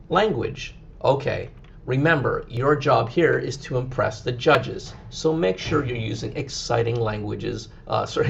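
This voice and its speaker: A man teaching a recorded lesson, explaining things clearly and slowing down now and then to demonstrate. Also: medium pitch, lo-fi sound, slight background noise. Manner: clear, instructive, with occasional slow deliberate demonstrations.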